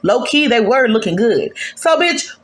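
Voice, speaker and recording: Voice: medium pitch, big pitch swings, measured pace, a bit bright, reverberant. A host giving a casual gossip recap of a reality show in a sassy, profane, emphatic way.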